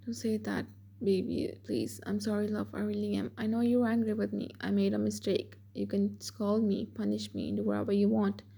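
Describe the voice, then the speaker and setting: A woman's voice: mid-range voice, level tone, moderate pace, creaky. Woman reading a remorseful cold boyfriend. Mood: pleading. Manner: soft, apologetic pleading. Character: cold young man, now pleading and remorseful.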